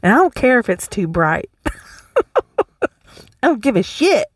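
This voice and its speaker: A woman's voice: a little high, sing-song, a little slow, pauses often, no room sound, studio quality. A woman hosting a solo podcast, talking bluntly and emphatically, swearing freely and laughing often. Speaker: podcast host. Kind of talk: casual solo podcast talk.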